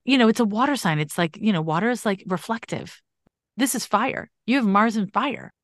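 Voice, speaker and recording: A woman hosting a podcast, giving an animated and emphatic astrology reading in a casual, conversational way. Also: mid-range voice, brisk, no room sound, clean studio sound.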